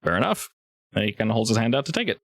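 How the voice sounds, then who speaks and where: A man narrating a tabletop game as game master, relaxed and halting, with many fillers. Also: on the low side, no echo.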